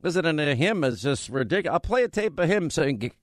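A man's voice: on the high side, very animated, brisk, dry recording, clean studio sound. A man hosting a talk radio show, joking and rambling in a mocking tone.

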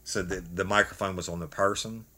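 Man, ex-cop podcast co-host, lowish voice, animated storyteller who laughs a lot. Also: brisk. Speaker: podcast co-host, former police officer. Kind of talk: casual storytelling.

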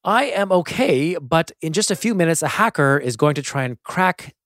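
A man's voice: on the high side, lively intonation, normal speed, fairly bright tone, dry recording, studio quality. A man hosting a podcast, telling a story in scripted narration with self-mocking humor, then chatting casually with his guest. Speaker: podcast host.

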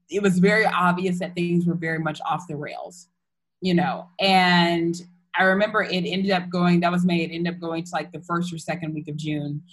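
A woman's voice: fairly low pitch, a bit bright, low-quality recording. A young woman candidly retelling a personal story in casual chat, full of fillers and restarts.

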